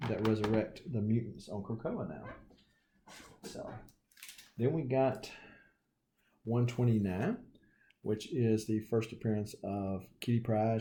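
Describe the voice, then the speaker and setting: A man's voice: fairly low pitch, warm tone. A man with a Southern US accent, casually showing his comic collection with folksy, joking asides. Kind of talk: casual show-and-tell.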